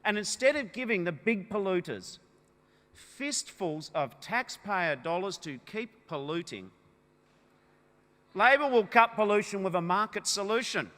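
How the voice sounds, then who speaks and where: A high-voiced Australian man addresses delegates in a large conference hall, his voice sharp and forceful as it rings through long reverb. He speaks in emphatic oratory that swells into loud, punchy declarations. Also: expressive, measured pace. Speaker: political party leader. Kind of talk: rousing political conference speech.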